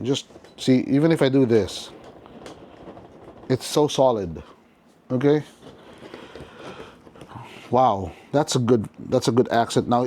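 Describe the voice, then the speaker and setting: Guy doing a toy review, chatty, thinking out loud, middle pitch, bit of background hiss. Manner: chatty, thinking aloud while handling a figure. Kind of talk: casual unboxing review.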